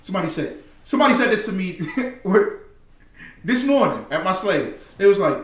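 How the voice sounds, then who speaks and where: High lively man, echoey and distant. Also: normal speed. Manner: emphatic, preachy. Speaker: host. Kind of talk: commentary on news clips. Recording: echoey room, distant mic.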